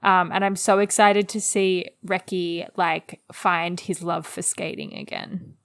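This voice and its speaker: A woman's voice: on the low side, flat delivery, a little slow, fairly bright tone, smooth. A woman co-hosting a podcast, chatting casually and giggling often while recapping an anime episode. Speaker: podcast co-host.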